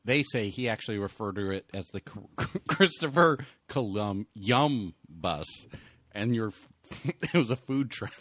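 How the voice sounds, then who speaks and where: A man's voice: fairly low pitch, lively intonation, unhurried, a bit bright, dry recording. A man co-hosting a casual podcast, joking around and mostly answering with short agreements. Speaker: podcast co-host. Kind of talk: casual chat.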